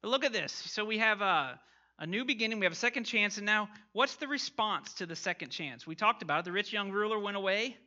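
A man's voice: high voice, expressive, a little fast, pushed and bright, muffled recording. A man teaching an interactive Bible lesson, questioning his class and reading scripture aloud.

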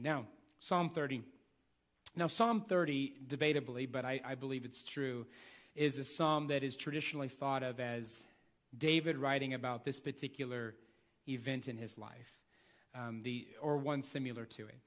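A man's voice: medium pitch, fairly even intonation, moderate pace. A man preaching a sermon, reading scripture aloud and pressing his points with earnest repetition.

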